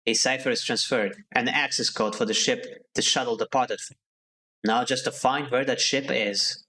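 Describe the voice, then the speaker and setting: A man's voice: medium pitch, fairly even intonation, moderate pace, sharp tone. A man streaming a video game live, chatting casually and answering his viewers as he plays. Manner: chatty, thinks aloud, answers chat.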